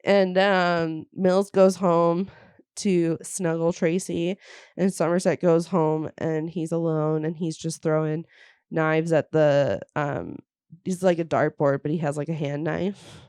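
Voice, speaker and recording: A young woman hosting a podcast, casually recapping a movie as an animated storyteller who swears freely and laughs a lot. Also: deep voice, takes it slowly, clean tone, dry recording, clean studio sound. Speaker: podcast host.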